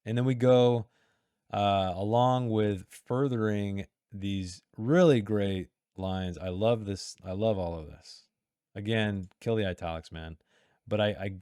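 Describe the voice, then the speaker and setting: A man's voice: on the low side, darkish tone, clear, resonant tone, no echo, studio quality. A man talking through editing notes in a casual, chatty way, breaking off mid-sentence and reading passages aloud. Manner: chatty, self-interrupting, reads passages aloud. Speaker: writer giving editing critique. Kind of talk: casual critique reading from a text.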